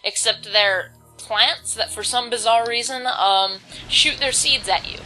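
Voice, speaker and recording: Teen girl, let's-play commentator, bright tone, chatty and rambling, faint music behind. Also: fairly high pitch, lively intonation, moderate pace, rough recording. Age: teens. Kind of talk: casual gameplay commentary. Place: home, volume kept low.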